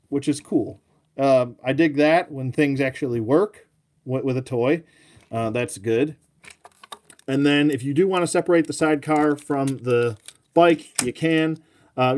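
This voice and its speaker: A man's voice: fairly high pitch, a little mellow. A man giving a casual toy review, rambling and joking, with lots of ums and uhs.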